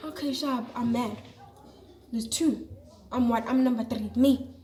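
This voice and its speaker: A young South African woman vlogger telling a story in a lively, slangy, chatty way. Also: a little high, slow pace. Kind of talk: casual storytelling to camera. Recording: echoey room.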